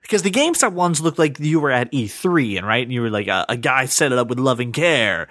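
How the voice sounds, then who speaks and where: A man's voice: mid-range voice, fairly quick, no room sound. Podcast host guy, rambly, stumbles over his words, dry close mic. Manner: rambling, repeats words when excited. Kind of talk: casual podcast chat.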